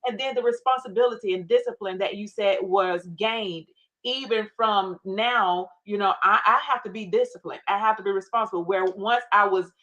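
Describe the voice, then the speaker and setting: A woman's voice: medium pitch, normal speed, fairly bright tone, low-quality recording. Middle-aged woman telling her faith story, emphatic, acts out her prayers. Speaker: guest. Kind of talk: faith-based interview talk.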